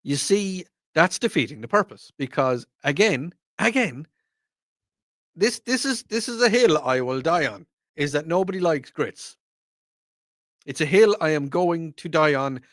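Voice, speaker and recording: Animated Irish male radio host, lifted pitch, dry close studio mic, teasing and direct. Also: a little slow, dry recording. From Ireland. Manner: animated, teasing, talks straight to listeners. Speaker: radio talk show host. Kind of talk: casual call-in radio talk. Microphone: studio microphone.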